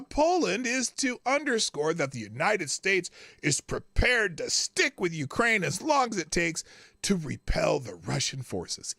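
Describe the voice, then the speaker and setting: A man's voice: on the high side, fairly bright tone, no echo, studio quality. A man hosting a live news commentary show, sarcastic and rambling as he reads and reacts to stories. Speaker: host.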